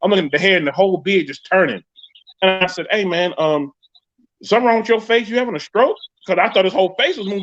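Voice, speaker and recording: A man with a New York accent hosting a live podcast, telling a story in a loud, profane, animated way. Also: sits high. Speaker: podcast host. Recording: dull lo-fi stream audio.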